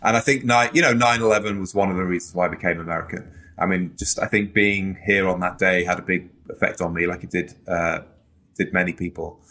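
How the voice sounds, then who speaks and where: This middle-aged man speaks with a British accent and a fairly low voice, sitting as a guest on a casual podcast. He talks easily and rambles a little, filling his pauses with "um" and "you know". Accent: British English. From Britain. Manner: relaxed, rambling with frequent fillers. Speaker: author and journalist guest.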